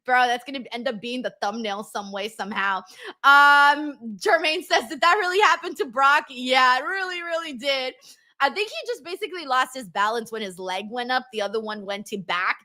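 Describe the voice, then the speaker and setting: Woman streamer in her thirties, casual host, bright, forceful high voice, laughs and swears a lot. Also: normal speed. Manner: laughs often, swears casually, reads comments aloud. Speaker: live stream host reading chat. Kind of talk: casual live stream chat.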